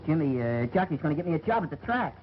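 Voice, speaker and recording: A young actor playing a stubborn, eager street kid who dreams big, talking in slang. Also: male voice, a little high, big pitch swings, quick pace. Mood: determined. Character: eager young male street kid set on being a jockey. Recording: muffled, slightly hissy 1940 film soundtrack.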